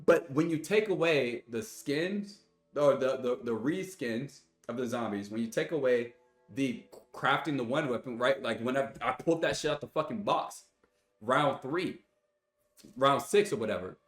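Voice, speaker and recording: Heavy sighs punctuate this young man's angry, profane rant to his stream chat. He's a gaming streamer with a mid-range voice, talking at a normal pace. Faint music and a roomy echo fill the recording.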